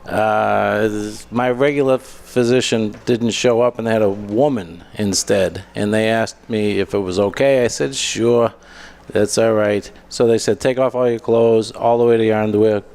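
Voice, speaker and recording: A middle-aged man hosting a comedy show, telling stand-up stories with a dry, deadpan delivery. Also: lowish voice, moderate pace, gravelly. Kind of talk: stand-up storytelling.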